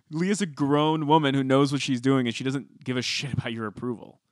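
A man co-hosting a podcast in casual chat, blunt and sardonic, with deadpan asides. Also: medium pitch, normal speed, no room sound, clean studio sound. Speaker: podcast co-host.

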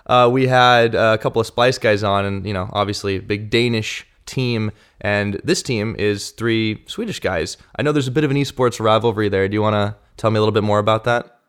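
A man's voice: fairly low pitch, fairly quick, a bit bright, clean tone. A man hosting a podcast, interviewing guests in an upbeat, casual way. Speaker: podcast host.

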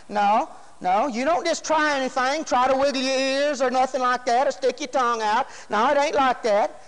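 A man's voice: very high voice, fairly even intonation, a little fast, fairly bright tone. A man preaching a sermon, folksy and emphatic, often throwing rhetorical questions to the congregation. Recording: long hall reverb.

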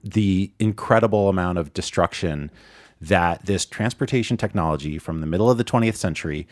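Low-voiced earnest podcast host. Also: male voice, fairly quick, no room sound, clean studio sound. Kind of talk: casual chat.

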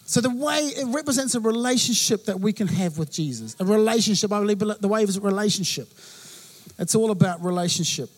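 Male pastor in his thirties from New Zealand, high voice, animated sermon storytelling. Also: fairly quick. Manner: animated storytelling with acted-out quotes.

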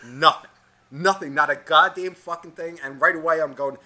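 A young man co-hosting a podcast, telling a story in a casual, profane, animated rant. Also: a little high, moderate pace. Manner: swears constantly, animated ranting. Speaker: podcast co-host.

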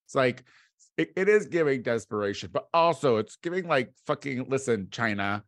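A man from the United States delivering a casual comedic monologue as a podcast host. He rambles and swears, with sudden loud outbursts. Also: mid-range voice, expressive, normal speed, no room sound, studio quality.

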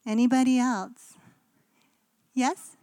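A woman's voice: a little high, steady tone, slow pace, warm tone, clean tone, dry recording. A woman pastor from Canada giving a conversational sermon in a casual, chatty way, with frequent ums and likes.

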